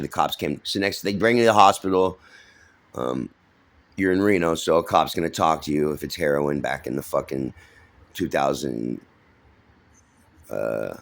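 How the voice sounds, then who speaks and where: Very deep gravelly man telling stories. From San Francisco. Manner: rambling, profane, many fillers and restarts. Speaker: vlogger telling his life story. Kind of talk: casual storytelling.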